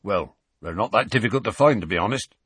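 A man voicing a huge, gruff male half-giant groundskeeper who grumbles and turns defensive, with rustic grammar. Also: on the low side, expressive, fast talker, fairly bright tone, dry recording.

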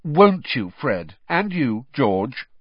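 A man voicing a warm, motherly middle-aged woman who speaks fondly and knowingly in a storybook reading. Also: medium pitch, very animated, takes it slowly, dry recording, lo-fi sound, voice pushed up. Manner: fond, gently knowing.

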